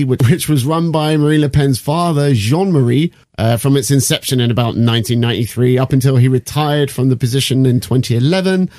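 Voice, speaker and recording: A man's voice: mid-range voice, darkish tone, no echo, studio quality. A man, hosting a casual podcast and walking through political background with jokes and the odd swear word. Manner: explains background at length, sweary and joking. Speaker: podcast host.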